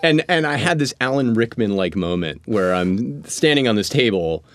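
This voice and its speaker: A man's voice: mid-range voice, normal speed. A man, an actor, telling stories in an interview and acting out the voices of the people in them. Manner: animated storyteller acting out voices. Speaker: actor guest. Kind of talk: storytelling interview.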